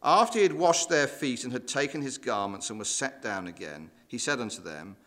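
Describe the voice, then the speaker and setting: A man preaches a sermon, guiding listeners through scripture passages with rhetorical questions and quoting scripture in old-fashioned wording. He is expressive, with rising and falling emphasis, in a brisk, mid-range voice.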